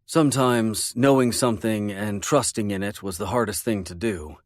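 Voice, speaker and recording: A man narrating a first-person romance audiobook in a measured, intimate way. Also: fairly low pitch, dry recording, studio quality.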